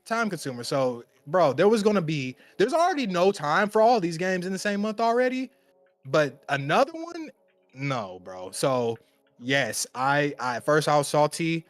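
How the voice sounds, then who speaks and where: A man co-hosting a casual gaming podcast, talking in a rambling, emphatic way and repeating phrases for effect. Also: medium pitch. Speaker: podcast co-host.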